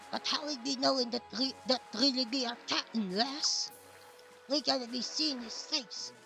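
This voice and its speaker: A loud, blustering male pirate bellowing threats in a thick growled pirate dialect, put on by a woman reading a game's lines. The pirate is drawled slowly and brightly, and soft game music plays underneath. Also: high voice, vocal fry, heavily acted, poor audio.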